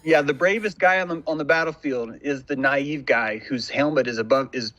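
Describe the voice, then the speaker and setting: A man's voice: medium pitch, normal speed, a bit bright, lo-fi sound. A man hosting a casual podcast conversation, talking in intense, philosophical monologues from a home room. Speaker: podcast host.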